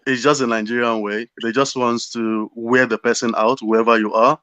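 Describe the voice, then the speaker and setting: A man speaking as a panelist on a talk show, explaining calmly over a dull remote line. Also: mid-range voice, normal speed, no echo.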